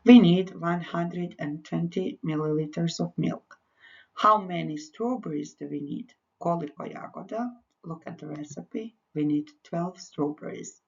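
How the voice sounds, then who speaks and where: A woman's voice: fairly low pitch, darkish tone. A woman English teacher, patiently giving lesson instructions and repeating them in both languages. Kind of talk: recorded English lesson with Croatian explanations. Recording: dull lo-fi recording.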